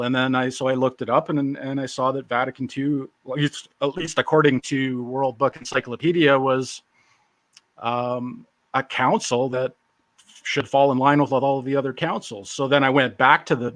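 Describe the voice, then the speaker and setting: A man in his forties, a guest in an interview, telling his story in a relaxed, joking, self-deprecating way. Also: mid-range voice, dry recording. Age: 40s. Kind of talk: casual storytelling.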